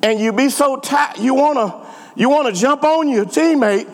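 In an echoey hall, a middle-aged pastor with a very high-pitched voice preaches a sermon at a moderate pace. He tells a story animatedly and emphatically, repeating words for emphasis.

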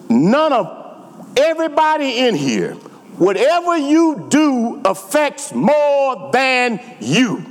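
A man's voice: high-pitched, slow pace, a little hiss or hum. A middle-aged man, preaching a sermon and telling a story with emphatic repetition. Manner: animated, repeats words, emphatic. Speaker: pastor. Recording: echoey hall.

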